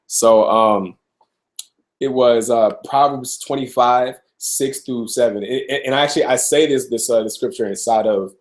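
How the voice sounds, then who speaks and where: A young man from Arizona chats through a casual live Q&A, clearing a slightly sick throat now and then. He talks loosely, stacking fillers and restarts as he goes. His voice rests at a middle, everyday pitch. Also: unhurried. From Tucson, Arizona. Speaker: rapper answering viewer questions.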